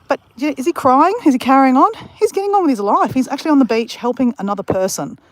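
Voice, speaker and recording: An Australian woman hosts a casual livestream outdoors near a beach, her high, expressive voice moving at a quick pace with no echo. She rambles through stories and speaks directly to her chat viewers.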